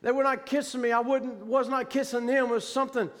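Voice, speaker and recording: Male preacher, very high voice, fervent, emphatic, vernacular sermon. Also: flat delivery, quick pace, in a large hall. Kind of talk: sermon, recounting a vision.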